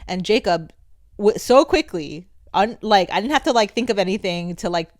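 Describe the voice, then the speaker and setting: A young woman chats on a podcast with a friend, telling a story through bursts of laughter and quick quoted voices. Her voice sits at a middle pitch, and the sound is dry and close to the mic. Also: no room sound. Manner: giggly storyteller, animated quoting of others. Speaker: podcast co-host. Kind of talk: casual chat.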